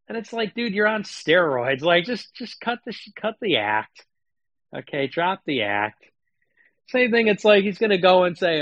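A man's voice: high-pitched, expressive, unhurried, a bit bright, no echo, dull audio. A man streaming political commentary, talking in a sarcastic, mocking, casual rant. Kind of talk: casual ranting monologue.

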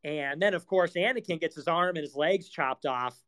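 A man's voice: on the high side, normal speed, fairly bright tone, rough recording. A man hosting his own live talk, ranting sarcastically and swearing often, mocking others in whiny voices. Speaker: streamer hosting live audio spaces. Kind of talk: casual monologue.

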